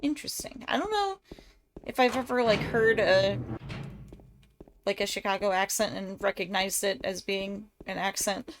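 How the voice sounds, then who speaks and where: A woman's voice: medium pitch, normal speed, long pauses. A woman with an Ohio accent chatting casually and joking with profanity while streaming a game. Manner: joking, profane banter with chat.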